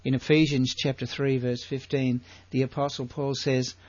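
An older man with an Australian accent teaching the Bible in a sermon, full of rhetorical questions and drawn-out emphasis. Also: mid-range voice, level tone, no room sound, dull audio.

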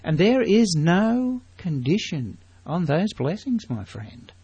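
Guy preaching a sermon, slightly high voice, slow and emphatic, keeps asking the congregation questions. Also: sing-song, dark tone, husky, muffled recording.

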